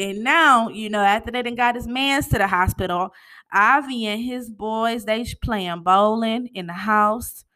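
A woman giving a casual, chatty recap of a TV episode, talking to her viewers in an animated way and often tossing in "you know" and "honey". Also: medium pitch. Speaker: TV show recap host.

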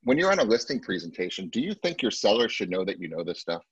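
A husky, low-pitched man leads a sales training class, stressing his points and slipping into a higher voice when he quotes clients. The sound is dry and dull, like a lo-fi video call. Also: very animated, fast, dry recording. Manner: emphatic, acts out client quotes in a much higher voice. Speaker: real estate sales trainer.

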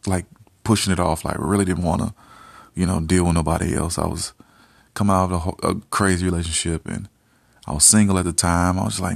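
A man's voice: low-pitched, flat delivery, a little fast, gravelly, husky, dry recording. A man hosting a couple's channel, telling a personal story in a laid-back, rambling way, full of "you know" and "like". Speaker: host.

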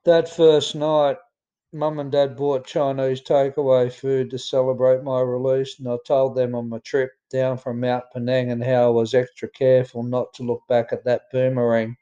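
A man's voice: medium pitch, flat delivery, normal speed, dark tone, clean tone, highs cut off. A man with an Australian accent reading his own memoir aloud in a plain storytelling way, with some fillers and restarts. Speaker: memoir narrator.

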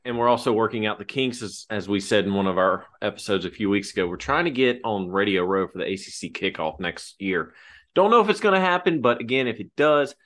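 Laid-back, lower-voiced male podcast co-host. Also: expressive, brisk, a bit bright. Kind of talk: casual sports podcast chat.

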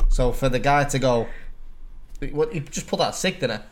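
A man's voice: mid-range voice, expressive. A man hosting a casual podcast chat and asking follow-up questions. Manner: quick, asks follow-up questions. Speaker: interviewer, battle rapper.

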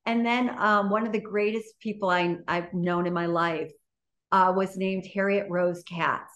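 A woman's voice: mid-range voice, fairly even intonation, measured pace, fairly bright tone. Chatty woman telling a story. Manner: chatty, full of fillers like "you know" and "like". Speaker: interview guest. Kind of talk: casual storytelling.

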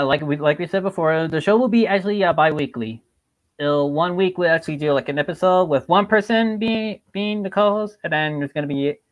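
Male podcast co-host, bright and tense tone, hesitant and filler-heavy. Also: a little high. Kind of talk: casual chat.

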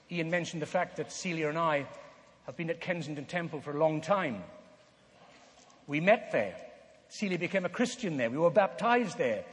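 An older man preaching a sermon, earnest and emphatic, with slow dramatic pauses. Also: fairly high pitch. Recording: long hall reverb.

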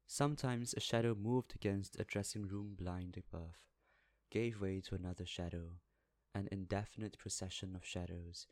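A man narrating a classic novel as an audiobook, in a measured, even way. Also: low voice, no echo. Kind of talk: scripted narration.

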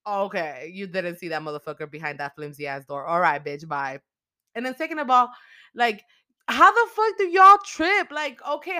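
A woman hosting a show, telling a movie's story in a casual, slangy, profane and animated way. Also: on the high side, dry recording, studio quality. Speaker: host.

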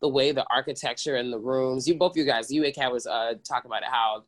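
Mid-pitched speaker explaining things thoughtfully. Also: steady tone. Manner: measured and explanatory, with frequent um and like. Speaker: podcast co-host. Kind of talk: casual film discussion chat.

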